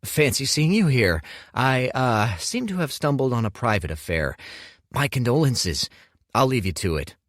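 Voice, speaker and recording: A man voices an affable, glib young character who jokes his way out of trouble, pitching his natural voice above his own to a medium register. The delivery is very animated, breezy and joking at a normal speed, recorded at studio quality with no room sound.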